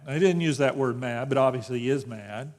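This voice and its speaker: A pastor with a medium-pitched, darkish voice speaks briskly while teaching a Bible study in a church sanctuary. He keeps it conversational and jokey, often restarting his sentences, as long reverb fills the church hall.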